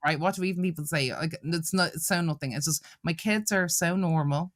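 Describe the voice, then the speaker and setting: Low-voiced woman telling frank stories. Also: a little fast, dry recording, studio quality. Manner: frank, profane storyteller who laughs often. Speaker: guest. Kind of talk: casual podcast chat.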